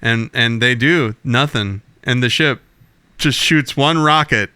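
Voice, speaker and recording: Bright, clear-voiced man recapping casually. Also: mid-range voice, takes it slowly, dry recording. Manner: animated, profane retelling with quoted lines. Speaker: podcast co-host. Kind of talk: casual chat recapping an episode.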